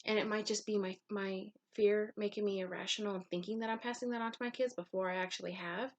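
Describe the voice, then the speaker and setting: A woman speaks straight to camera in an open, meandering confessional vlog. Her pitch sits at an ordinary middle height for a woman. She wanders between thoughts with plenty of ums and drops in the odd casual curse. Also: steady tone, fast talker, highs cut off. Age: adult mother of young children. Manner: candid, rambling, with frequent ums and casual swearing. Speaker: vlogger.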